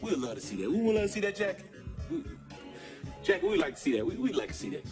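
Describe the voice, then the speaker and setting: A man's voice: high-pitched, wildly swooping pitch, quick pace, full character voice. An actor playing a pushy man who coaxes his friend over and over in an insistent way. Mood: coaxing. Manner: insistent, repetitive coaxing. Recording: film scene with music behind.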